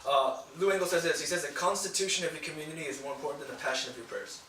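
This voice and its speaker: A young man leading a group, talking casually and quickly with many "like"s and "right?"s. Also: fairly high pitch, pushed and bright. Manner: fast, filler-heavy talk with lots of "like" and "right?". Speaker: campus ministry leader. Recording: echoey room, far from mic, noisy.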